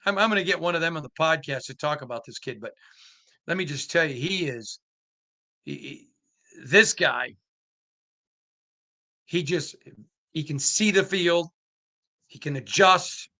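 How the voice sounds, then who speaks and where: A man's voice: fairly high pitch, lively intonation, measured pace, long pauses, bright, forceful tone. A man hosting a sports podcast, talking emphatically and animatedly with lots of restarts and asides. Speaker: podcast host. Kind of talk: casual sports commentary.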